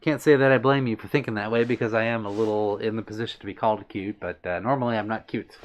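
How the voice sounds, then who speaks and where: A man's voice: on the low side, steady tone, quick pace. A man hosting a casual livestream, reading out viewer comments with a playful, giggly manner and brushing off compliments bashfully. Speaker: livestream host.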